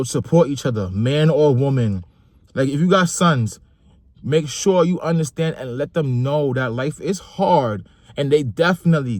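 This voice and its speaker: A young adult man, a vlogger and father, gives a passionate opinion monologue about fatherhood, repeating phrases for emphasis. His voice is on the high side with a darkish tone, and there's no echo.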